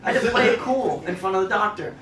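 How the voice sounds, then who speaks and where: In a fast, animated, high-sitting voice with a bit of brightness, a young Midwestern comic pokes fun at himself on a club stage and chats with the crowd. He's recorded from a distance, with roomy live sound and the audience laughing.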